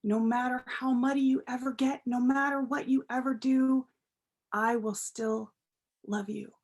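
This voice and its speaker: A woman voicing a stern but loving father in a children's story, speaking in a measured, halting way. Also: on the high side, fairly even intonation. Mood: tender.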